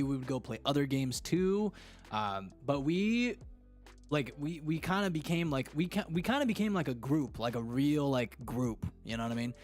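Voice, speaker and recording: A young man hosting his own podcast, chatting casually in a rambling, slangy way that repeats itself. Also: medium pitch. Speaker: podcast host. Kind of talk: casual chat.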